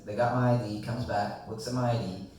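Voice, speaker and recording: A young man telling a long, rambling story to friends in a casual chat, animated and swearing freely. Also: medium pitch, quick pace. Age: young adult. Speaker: guest storyteller. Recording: echoey room, distant mic.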